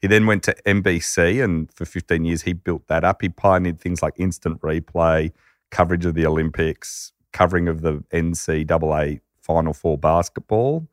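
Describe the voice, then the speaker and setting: A podcast host telling a story conversationally, animated and acting out quotes. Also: male voice, low-pitched, normal speed, clean tone, no room sound, studio quality. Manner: animated narrator who acts out quotes.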